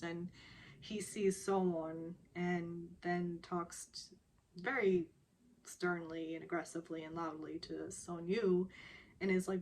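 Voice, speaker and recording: A woman's voice: fairly low pitch, a little slow, slight background noise. A woman casually recapping a television drama episode, chatty and laughing often. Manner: chatty, laughs often, animated when quoting characters.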